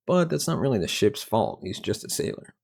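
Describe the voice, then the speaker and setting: A man's voice: mid-range voice, big pitch swings, brisk, gravelly, darkish tone. A man hosting a history podcast, telling the story casually with sarcastic, joking asides. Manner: casual, sarcastic, riffing off-script. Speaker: podcast host.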